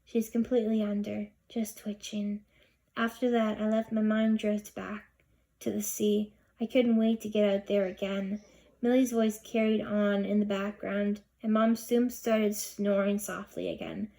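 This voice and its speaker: A woman's voice: mid-range voice, flat delivery, unhurried, gravelly, mellow. A woman narrating a children's chapter book in first person, reading expressively. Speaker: audiobook reader. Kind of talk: storybook narration.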